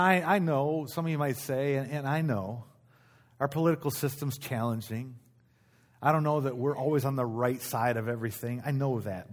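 A middle-aged man preaching a sermon as pastor, in a conversational way, repeating key phrases and restarting his sentences. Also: medium pitch.

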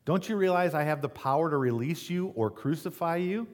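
A man's voice: fairly high pitch, expressive, fairly quick, voice pushed up, lightly acted. A man reading as a stern Roman governor. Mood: questioning.

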